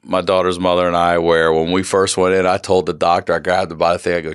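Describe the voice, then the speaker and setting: A man's voice: low voice, flat delivery, fast talker, hardly any pauses, slight background noise. A man in his forties, a podcast guest, candidly retelling a personal story in casual, profane, emphatic talk.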